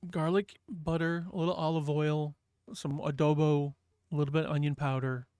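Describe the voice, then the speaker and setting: A man's voice: a little high, flat delivery, normal speed, a little mellow, smooth, no room sound, clean studio sound. Chatty man hosting a morning stream. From New Hampshire. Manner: rambling, chatty, reads chat aloud. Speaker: livestream host. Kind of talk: casual chat with viewers.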